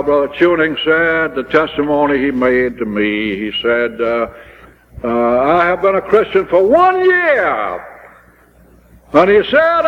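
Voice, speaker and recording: A man's voice: mid-range voice, slight background noise. A man preaching a sermon, telling stories and building to impassioned, pleading climaxes. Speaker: pastor. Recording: dull old recording in a large hall.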